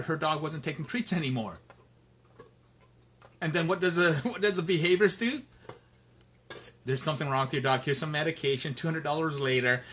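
Frustrated man with a bright, forceful voice. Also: a little high, slightly rough. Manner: frustrated, indignant, many restarts. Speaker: dog trainer. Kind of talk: emphatic interview talk.

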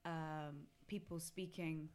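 A woman's voice: sits low, steady tone, slow, darkish tone. A woman chatting casually on a podcast among friends. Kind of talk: casual chat.

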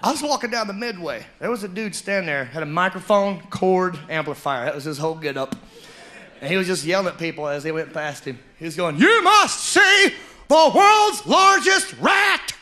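A man performing a stand-up comedy set, telling animated stories that burst into shouting, recorded live with audience laughter. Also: a little high, fast.

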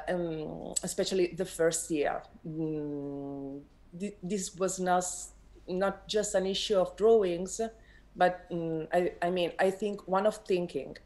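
Soft-spoken, slow woman illustrator. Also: fairly low pitch. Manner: soft-spoken, halting, many fillers. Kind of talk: panel discussion. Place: event hall.

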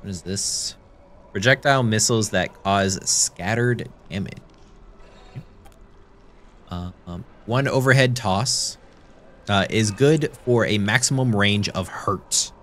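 A man's voice: fairly low pitch, takes it slowly, long pauses, a bit bright. A man streaming a video game, chatting playfully and reading the game's lines aloud. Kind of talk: let's play commentary. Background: game music.

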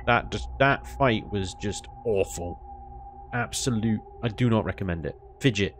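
A man giving casual, animated commentary on his gameplay, ranting and laughing with mild swearing. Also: fairly low pitch, unhurried, slight background noise. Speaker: gaming YouTuber.

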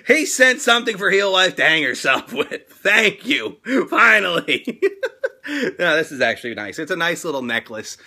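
A middle-aged man hosting a toy fan mail unboxing, loud and excitable, joking crudely and breaking into sudden high squeals. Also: gravelly. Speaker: toy channel host.

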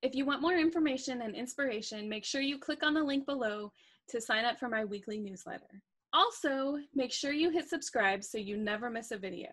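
A woman's voice: fairly high pitch, fairly quick, a bit bright. A woman hosting a video channel, reading an earnest, encouraging outro. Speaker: channel host. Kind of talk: scripted outro.

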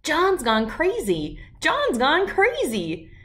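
A woman voicing a mean, sly schoolboy bully who jeers loudly at another child. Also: high voice, sing-song, normal speed, pitched above the performer's own voice. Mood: sneering. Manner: loud jeering taunts.

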